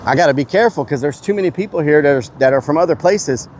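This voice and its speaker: A man live streaming outdoors on a city street, joking loudly about faking foreign accents to passersby. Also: on the high side, lively intonation, fast, slight background noise. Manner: goofy, loud fake-foreign shouting at passersby.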